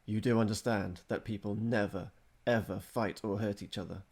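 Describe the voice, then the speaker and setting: A man voicing a stern, calm grown father who speaks in a measured way, in a storybook reading. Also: lowish voice, breathy edge. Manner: measured, severe.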